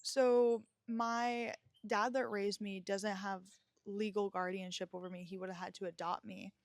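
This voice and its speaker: A woman's voice: mid-range voice, little pitch movement, unhurried, no room sound. Candid young woman, dry close sound. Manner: emotional, frank, swears freely, many fillers. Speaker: podcast host. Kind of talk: candid personal storytelling.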